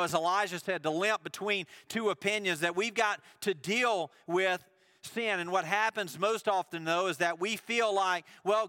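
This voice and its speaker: A man preaching with a high, bright voice, retelling scripture and voicing its characters in an easygoing, conversational way. The sound is dry and close, with no room echo. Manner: storytelling, acts out biblical dialogue casually. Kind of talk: sermon.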